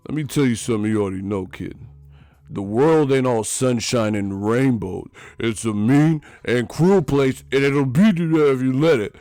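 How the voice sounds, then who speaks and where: A man's voice: mid-range voice, normal speed, dark tone, no room sound, soft background music, lightly acted. Brief: mumbling tough-guy boxing coach, voiced by a man, slurred and gritty. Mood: gritty lecturing.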